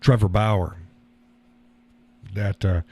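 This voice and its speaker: A man's voice: on the low side, steady tone, extremely slow, mellow. A man hosting a live stream, talking casually and rambling, chuckling at his own remarks.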